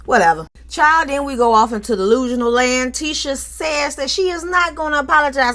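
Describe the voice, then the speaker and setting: A woman's voice: sits high, a little fast, a bit bright. A woman hosting a casual reality TV recap, sassy and outspoken, with frequent asides. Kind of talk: casual episode recap commentary.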